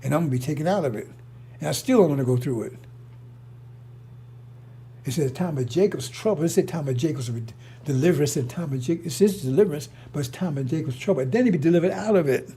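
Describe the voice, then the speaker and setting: With a fairly high, mellow, slightly rough voice, a middle-aged religious commentator preaches casually, speaking fast and with animation. He rambles and repeats himself, talking bluntly and swearing.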